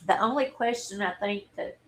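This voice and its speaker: A woman, telling a personal story in a halting, earnest and openly emotional way on a livestream. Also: mid-range voice, rough recording. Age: 40s. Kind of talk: candid personal livestream talk.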